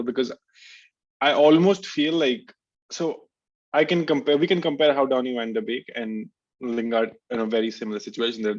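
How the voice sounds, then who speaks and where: A man musing about football as a podcast guest, thinking aloud and repeating words as he goes. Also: medium pitch. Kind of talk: casual football chat. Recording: dull lo-fi sound.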